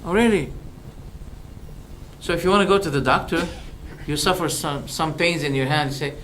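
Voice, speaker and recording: A man giving a religious lecture as a preacher, animated and rhetorical, firing off questions and acting out exchanges. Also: a little high, normal speed, long pauses, slight background noise. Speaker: Islamic preacher.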